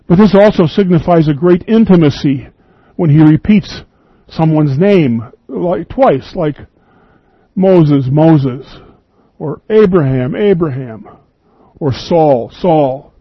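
A man's voice: on the high side, slow, husky, no room sound, dull audio. A man preaching an earnest, emphatic radio sermon, reading scripture and quoting at length.

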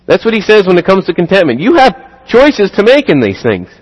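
A man preaching a sermon, animated, acting out the dialogue in sudden louder bursts. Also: high-pitched, fairly quick, dull audio. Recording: long hall reverb.

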